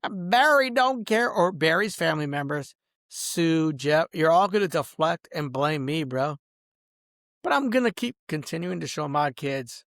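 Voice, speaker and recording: A man's voice: a little high, lively intonation, measured pace, a bit bright, no echo, studio quality. A man in a rambling, angry vlog rant, boastful, smoking a cigar as he talks and saying "bro" and "dog" at every turn. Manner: smoking a cigar while talking. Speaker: vlogger.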